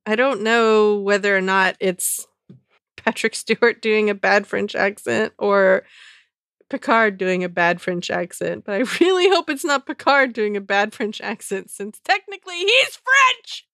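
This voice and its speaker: A woman's voice: mid-range voice, a little slow, fairly bright tone, no room sound, clean studio sound. A woman co-hosting a podcast, reading listener messages aloud and adding amused asides. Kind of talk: casual podcast chat.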